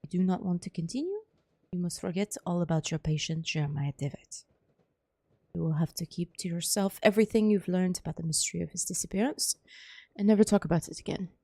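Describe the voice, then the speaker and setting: A woman voicing a grave older male German psychiatrist in a game, with an attempted German accent, speaking in a solemn, measured, hushed way. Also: on the low side, dry recording.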